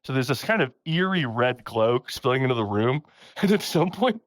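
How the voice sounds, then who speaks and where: A man's voice: mid-range voice, moderate pace, dry recording. A man hosting a casual podcast, retelling a story with frequent laughter and quotes acted out in a raised voice. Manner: animated, laughing often, acts out quotes in a raised voice. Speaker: podcast host.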